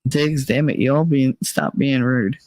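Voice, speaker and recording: A woman's voice: extremely low pitch, steady tone, measured pace, a little mellow. A woman streamer chats frankly and jokes with her viewers, her voice sounding a bit worn and tired. The sound is dry and close, with no room echo at all. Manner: candid, joking, drifts between reading chat and musing aloud. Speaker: livestream host reading chat. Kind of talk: casual livestream chat.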